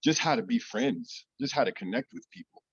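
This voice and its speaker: A man's voice: a little high, huge pitch swings, a little fast, vocal fry, husky, no echo. Chill guy on a panel, storytelling, muffled dry mic. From United States. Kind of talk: casual panel discussion.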